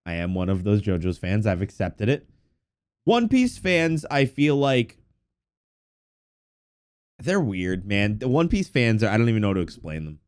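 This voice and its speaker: A man co-hosting an anime podcast in casual chat, congested from allergies, animated and quick to swear and laugh. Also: lowish voice, clean tone. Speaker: podcast co-host.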